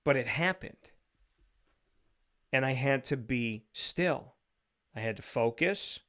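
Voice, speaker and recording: A man's voice: mid-range voice, slow pace. Earnest man reflecting on faith. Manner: earnest, repetitive, builds to animated bursts. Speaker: show host giving a faith segment. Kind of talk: casual spoken reflection.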